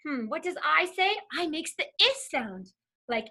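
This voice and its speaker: A woman's voice: high voice, animated, moderate pace, sharp tone. A woman reading a children's alphabet book aloud, sounding out letters in a playful, sing-song teacher's manner.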